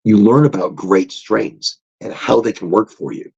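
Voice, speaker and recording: A man hosting a casual motivational podcast monologue, talking in a loose, animated way. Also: normal speed, gravelly, husky. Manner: animated, swoops into high excited tones when retelling stories. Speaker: podcast host. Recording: dull lo-fi recording.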